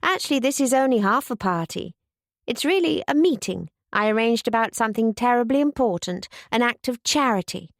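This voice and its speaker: A woman's voice: on the high side, lively intonation, a little fast, no echo, clean studio sound. A woman voicing an eager, bubbly young woman who gushes with enthusiasm. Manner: eager, gushing.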